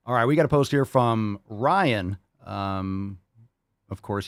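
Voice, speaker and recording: A man's voice: on the low side, brisk, no room sound, studio quality. A young man hosting a podcast, talking loosely and casually, laughing often and swearing freely. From Florida. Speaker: podcast host.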